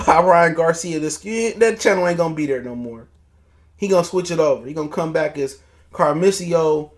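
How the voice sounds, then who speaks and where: A man hosting a casual boxing livestream, ranting in a heated, profane, mocking way. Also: on the high side. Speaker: boxing talk show host.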